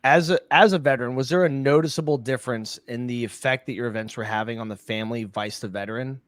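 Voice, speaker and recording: A man's voice: mid-range voice, quick pace, no room sound, studio quality. A man co-hosting a podcast, asking questions with playful joking asides. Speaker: podcast co-host. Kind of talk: casual podcast chat.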